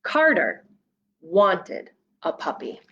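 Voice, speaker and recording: A woman children's librarian reading a picture book aloud at storytime, playful and animated, with gasps and sound effects. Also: fairly low pitch, takes it slowly, breathy edge, muffled recording.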